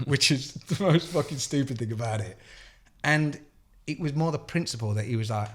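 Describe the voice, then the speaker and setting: A man with a British accent telling an animated, profane story as a podcast co-host, acting out the dialogue. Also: mid-range voice, moderate pace. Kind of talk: casual storytelling chat.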